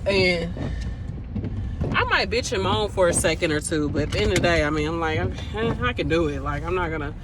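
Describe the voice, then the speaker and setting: A woman's voice: on the low side, fairly quick, noisy background. A young woman, an agency nurse, vlogging casually and venting bluntly about her shift with plenty of cursing. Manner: chatty, venting, blunt and profane. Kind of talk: casual vlog storytelling. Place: outdoors in the rain by a street, then in a car.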